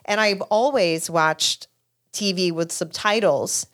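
A woman from Puerto Rico hosting a relaxed interview podcast. Her voice sits a little low, and her talk is loose and chatty, full of fillers and restarts. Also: slow. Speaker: podcast host. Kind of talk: casual interview chat.

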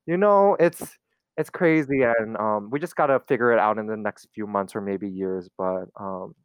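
A man's voice: fairly low pitch, moderate pace, smooth, no room sound, lo-fi sound. Young man rambling in casual chat. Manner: rambling, loose, heavy on fillers.

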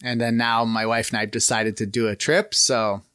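A married man chatting casually over a video call about bikes, relaxed and easygoing, trailing off at times. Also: mid-range voice, moderate pace, clear, resonant tone, no echo, clean studio sound. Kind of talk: casual chat.

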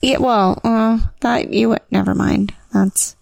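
A woman with a higher, gravelly voice tells a story on a podcast. She is lively and laughs often, acting out the people in her story. The sound is close and dry. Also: takes it slowly, no room sound. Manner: animated, laughing, acts out quotes. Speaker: podcast co-host. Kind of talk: casual storytelling chat.

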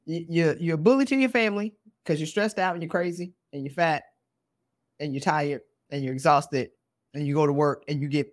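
Hosting a motivational podcast, a woman in her forties is fiery and blunt, stacking up pointed questions and addressing the listener directly in slangy speech. Her voice sits low.

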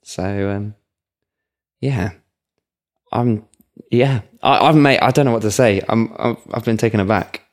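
A man's voice: on the low side, measured pace, pauses often. A man co-hosting a podcast in casual chat, hesitant, with stammering restarts and lots of fillers. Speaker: podcast co-host.

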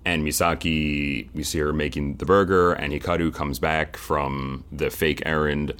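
A man co-hosting a podcast, talking things over in a measured, reflective way with some restarts. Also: rumbling low, flat delivery, fairly bright tone, smooth. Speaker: podcast co-host. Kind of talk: casual chat.

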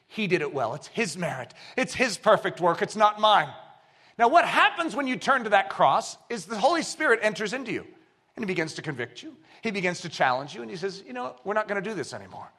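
A man preaching a sermon, swinging from hushed asides to shouted exclamations and acting out quoted voices. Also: high voice, brisk. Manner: animated, shifts between hushed and shouting. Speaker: pastor.

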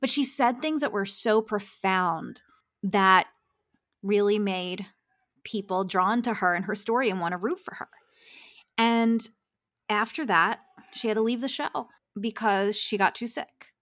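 A woman's voice: mid-range voice, measured pace, fairly bright tone. A woman, a success coach, talking earnestly in a podcast interview and laughing often.

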